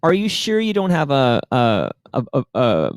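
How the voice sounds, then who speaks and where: A man's voice: mid-range voice, huge pitch swings, measured pace, dry recording. A male co-host with a mid-range voice asks probing questions and teases the host a little. He sounds dry and close to the mic. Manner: probing, lightly teasing questions. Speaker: podcast co-host. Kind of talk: casual sports talk.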